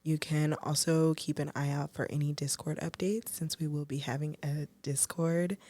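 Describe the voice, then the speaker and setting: A woman's voice: low voice, steady tone, moderate pace, dark tone. A woman co-hosting a podcast, speaking frankly in giggly casual chat full of "like" fillers. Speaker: podcast co-host.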